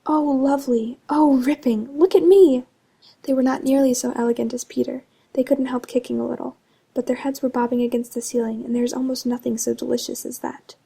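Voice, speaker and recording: Brief: quiet woman narrator, husky and flat, reading a bedtime story. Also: on the high side, fast talker. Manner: hushed, partly whispered. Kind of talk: soft-spoken storybook reading.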